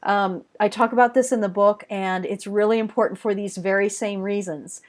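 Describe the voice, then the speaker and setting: An expressive woman lecturing in a webinar in an easy, chatty way. Her voice sits in a middle register. She leans hard on key words, slows down to stretch them out for emphasis, and talks straight to her listeners as friends. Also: medium pitch. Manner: conversational, addressing listeners directly. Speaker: webinar presenter teaching worship design.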